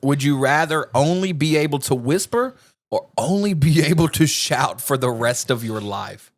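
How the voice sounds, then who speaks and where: A man co-hosting a podcast in casual chat, loud and laughing often. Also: on the high side, lively intonation, moderate pace, no room sound. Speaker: podcast co-host.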